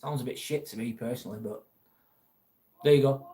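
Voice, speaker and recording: Man, casual live chat, blunt, swears a lot, mid-pitched voice. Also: brisk, warm tone. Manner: chatty, blunt, swears freely. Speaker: livestream host reading viewer chat.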